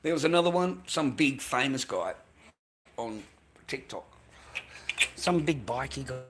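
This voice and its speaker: A man's voice: medium pitch, expressive, unhurried, a bit bright, a little hiss or hum. An Australian man on a livestream, delivering a crude, rambling rant full of swearing and repeated phrases.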